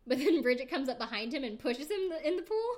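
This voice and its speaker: A woman's voice: sits high, expressive, fast, a little mellow. A woman recapping a TV episode in casual chat, with frequent fillers and a light, laughing manner. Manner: chatty, heavy use of "like" and "um", laughs often. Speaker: podcast host recapping a reality show.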